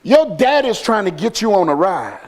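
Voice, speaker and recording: Man pastor, high voice, storytelling sermon style. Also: very animated, moderate pace. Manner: storytelling, building to shouted exhortation.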